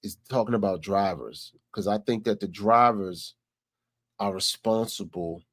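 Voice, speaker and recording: A man's voice: lowish voice, unhurried, no room sound, clean studio sound. A man vlogging, telling a story in a loose, conversational way. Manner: conversational, repeats "you know what I'm saying". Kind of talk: casual storytelling.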